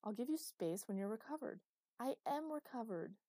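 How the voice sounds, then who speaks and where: A woman reading an audiobook, voicing a protective, teasing young man in her own mellow, dry voice. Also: fairly high pitch, animated, normal speed, no room sound, pitched above the performer's own voice. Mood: firm. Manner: teasing, firm. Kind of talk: audiobook character voice.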